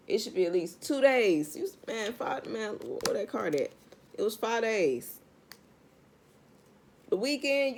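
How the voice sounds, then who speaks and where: In a casual tarot reading vlog, a woman addresses her viewers directly in a blunt, profane rant. Her voice is low and a little mellow.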